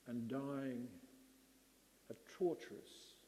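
A middle-aged man preaching a sermon, slow and emphatic with dramatic pauses. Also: medium pitch, warm tone, big-room sound, a little hiss or hum.

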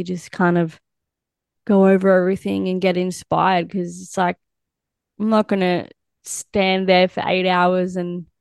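Aussie lady host, gravelly fry in her voice, loose chatty questions. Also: fairly low pitch, no room sound, clean studio sound. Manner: relaxed, filler-heavy questions. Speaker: podcast host. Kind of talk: casual interview chat.

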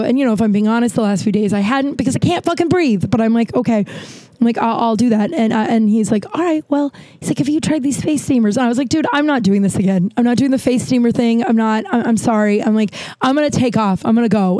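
A woman's voice: a little high, warm tone, no echo. A young woman with long covid telling a frustrated story in a rambling, casual way, with frequent swearing.

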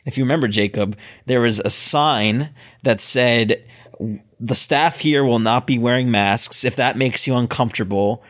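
A man from Maryland co-hosting a casual chat podcast, talking in a rambling way with halting restarts. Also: mid-range voice, fairly bright tone. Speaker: podcast co-host.

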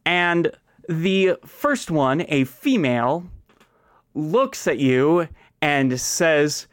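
A man narrating a tabletop game as game master, in slow, theatrical narration. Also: a little high, lively intonation, smooth, dry recording, clean studio sound.

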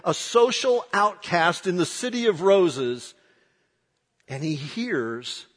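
A pastor delivers a sermon, his husky voice ringing through a large, reverberant hall. He speaks slowly but with a lively, high-reaching pitch. He drops to a near hush, then builds to loud, dramatic emphasis. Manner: dramatic, swings from hushed to shouting.

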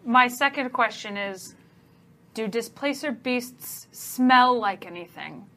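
Woman, tabletop player, bright, fairly high, curious and giggly. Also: lively intonation, slow. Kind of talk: casual tabletop play.

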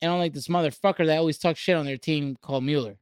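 A man's voice: on the high side, fast talker, clean tone, no echo, studio quality. A man co-hosting a podcast, chatting casually, joking and trash-talking about soccer. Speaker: podcast co-host. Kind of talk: casual chat.

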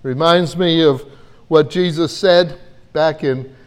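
Slow, earnest male preacher. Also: a little high, smooth. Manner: earnest, repeats words as he gathers thoughts. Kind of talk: Bible-teaching sermon.

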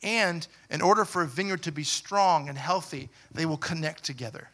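A man preaching a sermon as pastor, asking the congregation questions and building to loud, emphatic passages. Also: a little high, normal speed.

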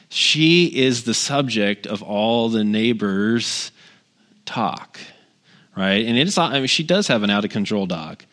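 A middle-aged pastor giving a casual, conversational sermon, telling personal stories with wry humor and lots of asides. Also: male voice, lowish voice, fairly bright tone.

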